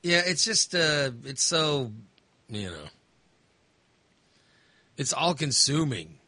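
A man's voice: on the high side, sing-song, takes it slowly, sharp tone, no room sound. A man chatting casually as host, rambling with lots of fillers and restarts. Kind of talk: casual chat.

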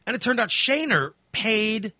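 A man's voice: sits high, very animated, a little slow, bright, forceful tone, no room sound. A man in his fifties, hosting and telling a candid, rambling story in casual chat. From Texas. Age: 50s. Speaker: host.

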